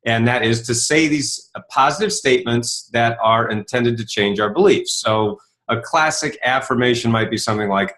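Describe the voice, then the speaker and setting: A man in his fifties, an author talking as an interview guest, telling stories and acting out quoted lines with lively rises in his voice. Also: fast. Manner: animated, acts out quoted dialogue with rising pitch. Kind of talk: storytelling interview talk.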